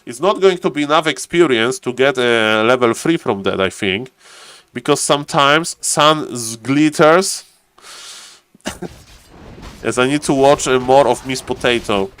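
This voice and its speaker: A man with a non-native English accent casting a strategy game live, chatting with viewers and rising in excitement over key plays. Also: medium pitch, measured pace, clean tone, dry recording. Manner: chatty, greets chat viewers, repeats "ladies and gentlemen". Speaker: game caster and streamer.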